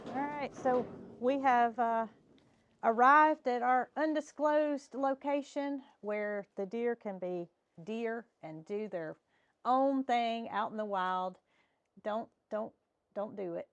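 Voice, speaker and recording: Woman farm vlogger, folksy and coaxing, voice a touch high, recorded outdoors. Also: takes it slowly, dry recording, muffled recording. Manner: folksy, coaxing animals with a soft repeated call. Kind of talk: casual chat and narration.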